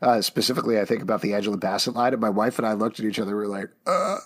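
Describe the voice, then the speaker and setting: His low, breathy voice races along as he co-hosts a podcast. A man in his thirties, he talks eagerly in casual discussion, animated and enthusiastic, with frequent chuckles.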